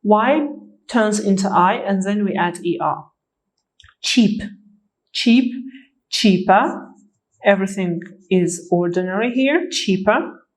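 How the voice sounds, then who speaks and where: A woman's voice: mid-range voice, measured pace, low-quality recording. A woman teaching an English grammar lesson, speaking patiently and repeating each word for learners to practise. Her first language is Azerbaijani.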